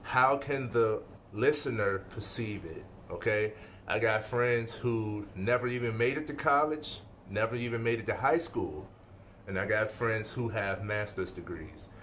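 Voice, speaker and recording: Emphatic low-voiced man teaching. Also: measured pace, fairly bright tone, a little hiss or hum. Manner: emphatic, repeats points, checks in with "okay?". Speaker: life-skills speaker. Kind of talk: informal motivational lesson.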